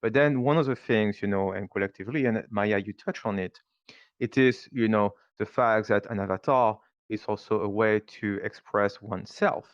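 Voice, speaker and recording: A man with a French accent speaking on a panel, pausing often with fillers as he works through his points. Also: on the low side, no room sound, highs cut off. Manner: thoughtful, halting, many fillers. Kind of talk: panel discussion.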